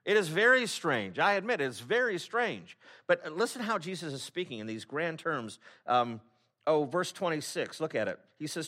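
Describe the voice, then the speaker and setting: A man preaching to his congregation has a slightly high, bright, forceful voice with a sing-song lilt at normal speed. As a pastor, he speaks conversationally and wryly, repeatedly interrupting himself to restart.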